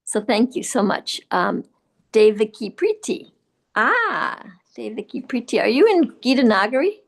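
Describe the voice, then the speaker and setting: A woman giving a spiritual class in a temple, talking in a gentle, reflective way with pauses. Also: on the high side, sing-song, vocal fry. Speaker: class speaker.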